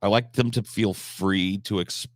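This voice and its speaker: A man's voice: fairly low pitch, fairly even intonation, unhurried, no echo, studio quality. A man chatting casually on a live stream, answering chat questions, swearing freely, with frequent restarts and fillers.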